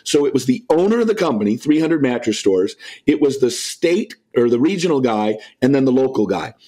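A man's voice: medium pitch, a little fast, slightly rough. A middle-aged man, a podcast guest, telling a personal anecdote and acting out the dialogue in it. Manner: lively storyteller who acts out quoted dialogue. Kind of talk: anecdotal storytelling in an interview.

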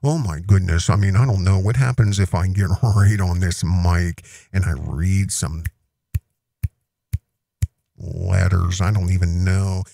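A man's voice: sits low, steady tone, unhurried, vocal fry, warm tone, dry recording, pitched below the performer's own voice, heavily acted. A man putting on the voice of a gushing, fake-naive grown man who acts brand new to microphones, in exaggerated folksy gee-whiz talk. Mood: mocking.

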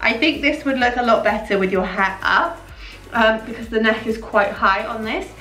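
A young woman chatting casually and excitedly through a clothing haul vlog, with plenty of fillers. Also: on the high side, moderate pace, recorded from a distance, faint music behind. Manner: chatty, gushing, filler-heavy. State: out of breath. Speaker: fashion vlogger. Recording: echoey room, voice a little off-mic.

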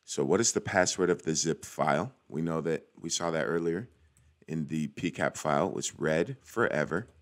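A man's voice: very deep voice, moderate pace. A young man hosting a casual screen-recorded walkthrough, chatty and cheering small wins as he goes. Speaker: cybersecurity tutorial host.

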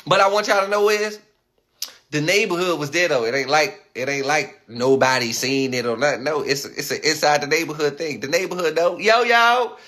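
A man talking casually to his livestream viewers, animated and rambling, repeating himself often. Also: fairly high pitch, moderate pace.

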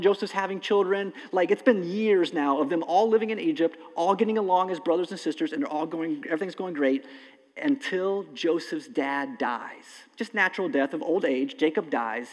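A man preaching a sermon as pastor, impassioned, swinging between loud emphasis and hushed, slow lines. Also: high voice. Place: church sanctuary. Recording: long hall reverb.

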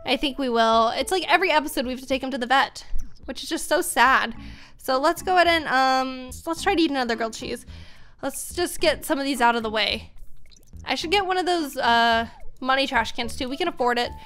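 A woman's voice: high-pitched, brisk, fairly bright tone, soft background music. A woman hosting a gaming channel, chatting to viewers in let's-play commentary.

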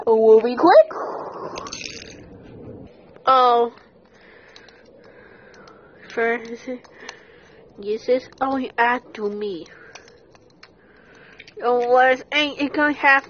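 Excitable woman, high lively voice, unhurried delivery, exclamations and swearing, dull lo-fi audio with faint music. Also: a little hiss or hum.

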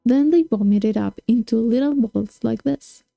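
Female audiobook reader, measured storytelling; dry, close sound with faint music behind. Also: a little high, vocal fry, mellow, no echo. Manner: measured storytelling with occasional restarts. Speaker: book reader. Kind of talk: audiobook narration.

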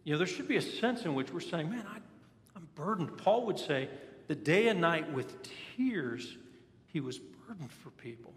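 A man's voice: a little high, very animated, moderate pace, a bit bright. A man preaching a sermon, telling personal stories in an earnest, candid way. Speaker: pastor. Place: church sanctuary. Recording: echoey church hall.

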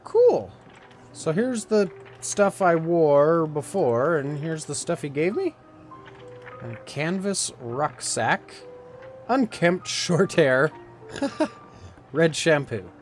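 A man's voice: fairly high pitch, lively intonation, drawn-out words, long pauses, faint music behind. A man hosting a let's play, chatting playfully and reading the game text aloud. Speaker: gaming video host.

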